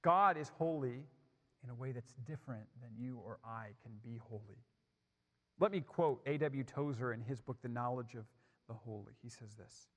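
A man preaching a sermon, building emphasis and then dropping to soft, hushed lines. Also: mid-range voice, moderate pace, big-room sound.

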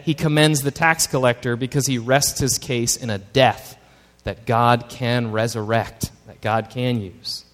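A male pastor preaching a sermon, emphatic and stretching key words as he builds lists. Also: fairly high pitch. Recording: long hall reverb.

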